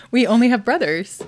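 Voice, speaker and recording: A woman's voice: on the high side, a little mellow. Woman, middle-aged, podcast co-host, casual chat, blunt, laughs a lot. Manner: giggly, blunt, chatty.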